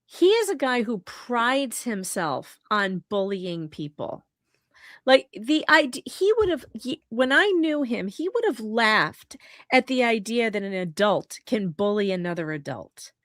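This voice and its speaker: A woman's voice: a little high, sing-song, unhurried, fairly bright tone, no echo. A woman joining a casual live stream as a guest, talking in a dry, sarcastic way and mocking people in a put-on news-anchor tone. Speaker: guest co-host.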